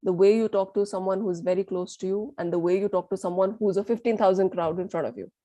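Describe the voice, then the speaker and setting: Leading a communication workshop, this trainer talks fast in a mellow, mid-range voice with fairly even intonation. Emphatic and repetitive, she keeps asking the class questions and drops in Hindi phrases.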